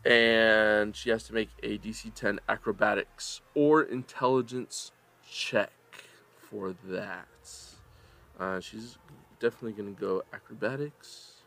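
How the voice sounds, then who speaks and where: A man's voice: on the low side, a little slow, vocal fry. Young man running a tabletop game. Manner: relaxed, explaining rules with fillers and laughs. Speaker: game master.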